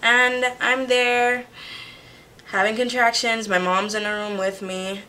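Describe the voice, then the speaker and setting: A young woman originally from Jamaica, casually telling a personal story to her camera in a chatty, animated way. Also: on the high side, slow pace. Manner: chatty, animated retelling with quoted voices. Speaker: vlogger. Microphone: camera mic.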